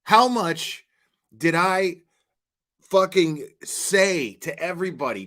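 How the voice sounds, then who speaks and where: A man's voice: fairly high pitch, unhurried, sharp tone. A young man hosting his channel, ranting heatedly and profanely with stammering restarts. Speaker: channel host. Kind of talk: casual vlog rant.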